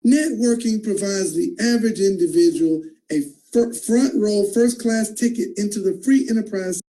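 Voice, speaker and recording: Male host, excitable and emphatic; high pitch, very dark timbre. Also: normal speed, rough recording. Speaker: host of an online call. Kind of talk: enthusiastic moderating.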